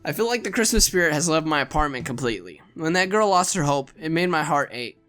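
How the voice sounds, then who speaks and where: A man reads a visual novel aloud in an earnest, expressive way, stumbling over a word now and then. His voice is bright and sits a little high for a man. Soft music runs behind him. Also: fast talker. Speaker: narrator reading a visual novel.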